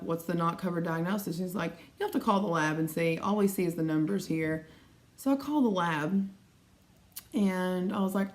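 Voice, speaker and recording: A woman's voice: on the low side, a little mellow. A woman in her thirties, talking casually in a vlog, retelling conversations with frustration and acting out both sides. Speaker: weight-loss vlogger.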